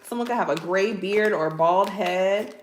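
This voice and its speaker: A woman's voice: mid-range voice, moderate pace. A chatty, playful woman gives a casual tarot reading straight to her viewers. Her voice bounces around a roomy space. A faint hiss sits under it. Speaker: tarot reader. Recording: echoey room with faint background noise.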